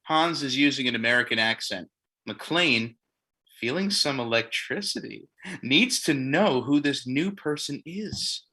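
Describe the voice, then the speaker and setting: A man narrating the stage directions of a comedic play reading, with wry deadpan asides. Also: mid-range voice, measured pace, slightly rough.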